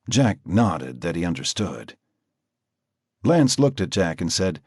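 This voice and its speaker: A man narrating a crime audiobook with an expressive, dramatic reading. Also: sits low, measured pace, slightly rough, no echo, studio quality. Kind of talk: scripted narration.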